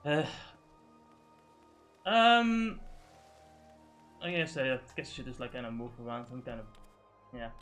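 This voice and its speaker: Young streamer, male, tense bright delivery, sweary rant that drops to mumbles. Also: mid-range voice, sing-song, measured pace, pauses often, faint music behind. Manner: profane, ranting, swings from loud to muttering. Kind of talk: casual venting on a game stream.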